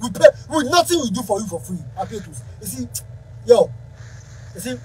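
A man's voice: very high voice, very animated, a little fast, darkish tone, a little hiss or hum, poor audio. A man speaking Ghanaian Pidgin English, a musician ranting angrily to camera in a heated, confrontational way. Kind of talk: angry rant to camera.

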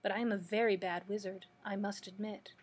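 A woman's voice: mid-range voice, fairly even intonation, a little fast, husky, natural voice. A woman reading aloud as an old man who is a false wizard, confessing meekly. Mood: reassuring. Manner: confessing, gentle storytelling delivery. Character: old male humbug wizard, meek and apologetic.

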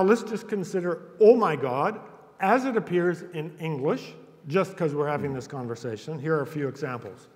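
Slow-paced lecturer in an echoey hall. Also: male voice, a little high. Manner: unhurried, playful, chuckling between points. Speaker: university instructor giving a public talk. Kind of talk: lecture with humorous asides. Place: auditorium before a live audience. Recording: echoey hall with long reverb.

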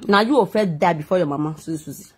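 A woman's voice: fairly low pitch, fast talker, darkish tone, breathy edge. A Nigerian woman vlogging a heated, defensive, rambling rant to her viewers. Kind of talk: emotional personal rant to viewers.

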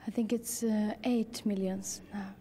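Swedish woman guest, mellow tone, brief soft-spoken answers. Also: medium pitch, fairly even intonation, a little slow, slight background noise. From Sweden. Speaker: band member guest.

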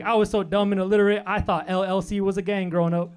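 A young man from New Hampshire doing a quick, deadpan stand-up set in a comedy club. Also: sits high. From Manchester, New Hampshire, US. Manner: quick deadpan punchlines, voices his family in quotes. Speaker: stand-up comic.

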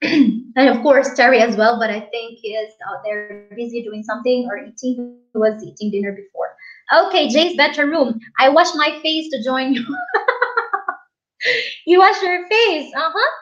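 A woman's voice: high voice, moderate pace, fairly bright tone, faint music behind. A woman hosting a casual livestream, chatting, laughing and reading viewer comments aloud. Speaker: livestream host. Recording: dull lo-fi stream audio.

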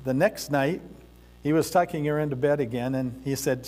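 A man preaching a sermon in a church sanctuary, speaking deliberately with pauses and the odd filler as he tells a story. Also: fairly high pitch, a little mellow, soft background music. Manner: slow, deliberate delivery with pauses and occasional fillers. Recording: reverberant church hall.

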